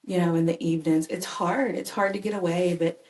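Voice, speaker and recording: A woman's voice: lowish voice, steady tone, brisk, a little mellow. A woman, a mother and caregiver, telling personal stories earnestly and animatedly as a podcast guest. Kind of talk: conversational personal storytelling. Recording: echoey room.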